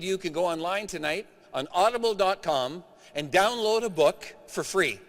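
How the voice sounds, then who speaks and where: A middle-aged Canadian man giving an animated, emphatic keynote speech to a live conference audience. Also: fairly high pitch. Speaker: keynote speaker. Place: large conference hall. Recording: reverberant conference hall.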